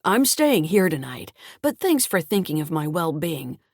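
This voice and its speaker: A woman's voice: sits low, sing-song, a little slow, a little mellow, no echo, clean studio sound, exaggerated voice. A woman voicing a sullen, bitter grown child in an audiobook, sulky and sarcastic. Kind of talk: audiobook character reading.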